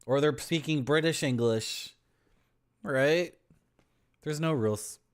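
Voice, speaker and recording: A man's voice: fairly high pitch, slow pace, clear, resonant tone, faint music behind. A man from Toronto, playfully reading game text and rambling as a streamer. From Toronto, Canada. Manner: playful, rambling, toys with words. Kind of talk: gameplay commentary, reading game text aloud.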